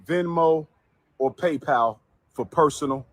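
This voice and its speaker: A man's voice: fairly high pitch, slow, dry recording. Insistent man in a dry clip. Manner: repetitive and insistent. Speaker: speaker in a played clip asking for donations. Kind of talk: livestream appeal.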